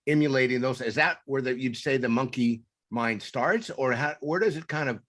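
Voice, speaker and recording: A man hosting a talk show who asks long, halting questions and restarts himself often. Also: mid-range voice, a bit bright. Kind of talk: interview questions.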